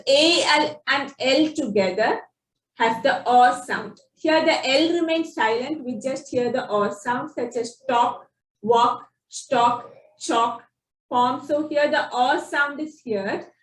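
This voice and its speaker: A woman teaching phonics, explaining spelling rules slowly and sounding out example words one by one. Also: high-pitched. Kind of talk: slow instructional explanation. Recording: echoey room, distant from the mic.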